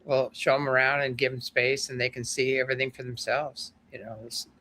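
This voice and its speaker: Bright-voiced man telling stories. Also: mid-range voice, flat delivery, a little fast. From American desert. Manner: storytelling, laughs often. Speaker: guest. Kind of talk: casual conversation.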